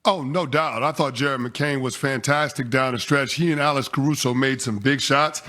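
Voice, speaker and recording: A middle-aged man on a sports talk show, laying out his analysis point by point in a measured way. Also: medium pitch, bright, forceful tone. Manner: measured, walks through stats point by point.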